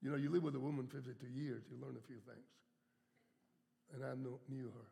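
Gravelly older man preaching in a reverberant hall. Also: mid-range voice, fairly even intonation, fairly quick, dark tone. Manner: storytelling preacher, stretches key words for emphasis. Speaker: guest preacher. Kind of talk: sermon.

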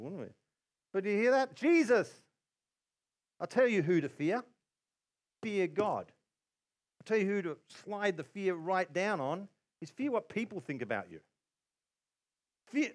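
A man preaching a sermon, animated, often acting out quotes in other voices. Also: high-pitched. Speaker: pastor.

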